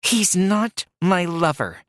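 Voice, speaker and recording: A determined young woman talks fast and urgently, her voice lifted high and moving a lot. A man acts her out in an audiobook reading. The sound is close and dry. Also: animated, dry recording, lightly acted. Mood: sharp.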